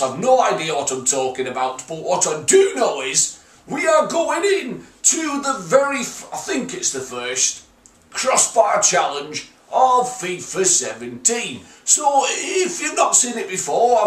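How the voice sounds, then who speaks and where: A young man giving crude, excitable gameplay commentary, swearing and shouting as he plays. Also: on the high side. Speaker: gaming YouTuber. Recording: echoey, mic at a distance, music behind.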